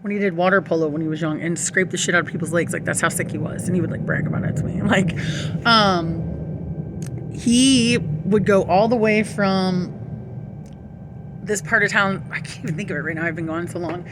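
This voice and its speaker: A woman's voice: fairly low pitch, moderate pace, background noise. A young woman telling a rambling, profane story to her camera, laughing often. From St. Louis area. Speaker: vlogger.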